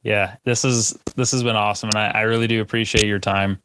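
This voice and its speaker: A man's voice: fairly low pitch, level tone, fast talker, noisy background. A man hosting a podcast, chatting casually and enthusiastically with a guest. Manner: rambling, restarts, enthusiastic. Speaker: podcast host. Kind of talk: casual interview chat.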